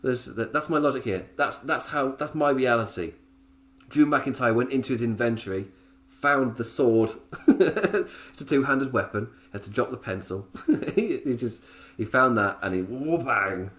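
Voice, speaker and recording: A man riffs through a casual show review, breaking into laughter between his points. His pitch swings widely as he talks, lively and animated. He sounds self-amused and loose, like a regular host talking to his listeners. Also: moderate pace. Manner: chatty, laughs often, self-amused asides. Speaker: wrestling podcast host.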